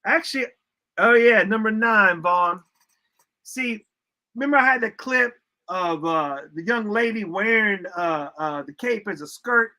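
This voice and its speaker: Guy with a high bright voice, joking around, slangy, getting over a summer cold. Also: expressive, a little slow. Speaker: co-host. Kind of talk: casual chat.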